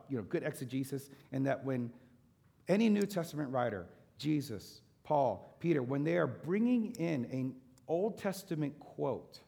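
A man's voice: medium pitch, creaky, darkish tone. A man preaching a sermon to a congregation, emphatic, rising and falling as he quotes scripture. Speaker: pastor.

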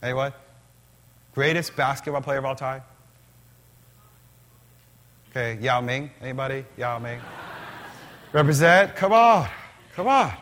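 A man preaching a sermon in a church, animated and conversational, asking the congregation questions. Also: mid-range voice, unhurried, long pauses. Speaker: pastor.

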